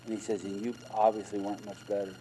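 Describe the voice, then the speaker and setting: A man's voice: on the low side, flat delivery, fast, warm tone, a little hiss or hum, rough recording. Man preaching a personal testimony. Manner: storytelling, retelling dialogue with emphatic repetitions. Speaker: minister. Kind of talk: testimony sermon.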